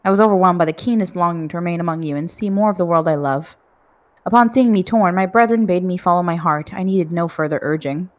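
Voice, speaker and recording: A woman reading a gentle former god. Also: sits high, close to an everyday voice. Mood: earnest. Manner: earnest, measured game dialogue read aloud. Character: calm gentle male god turned mortal.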